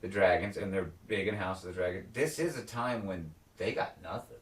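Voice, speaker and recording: A man's voice: sits low, fairly quick, reverberant, recorded from a distance. A man co-hosting a casual podcast chat, acting out characters' lines with lots of swearing. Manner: animated, acts out characters' lines, swears often. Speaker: podcast co-host. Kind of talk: casual chat recapping a TV episode.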